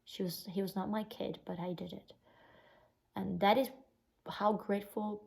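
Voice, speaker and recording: A woman's voice: medium pitch, fairly even intonation, moderate pace, vocal fry, darkish tone, low-quality recording. A young woman from Italy with an Italian accent, telling a painful personal story in a casual vlog, full of "like" fillers. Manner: emotional, recounting a bad experience, lots of "like" fillers. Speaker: vlogger.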